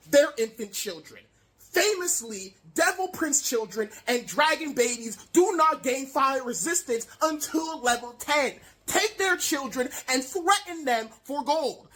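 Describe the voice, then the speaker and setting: A woman's voice: high-pitched, fairly bright tone, full character voice. Woman playing a boastful half-elf archmage. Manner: boastful, theatrical, stammers when worked up. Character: pompous greedy male half-elf archmage. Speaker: tabletop game player. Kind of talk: comic in-character campaign speech.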